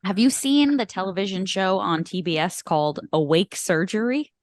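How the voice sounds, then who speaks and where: A woman's voice: mid-range voice, moderate pace, dry recording. Teasing woman podcaster, dry close sound. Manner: teasing, blunt banter with side tangents. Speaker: podcast co-host. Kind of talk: casual movie podcast chat.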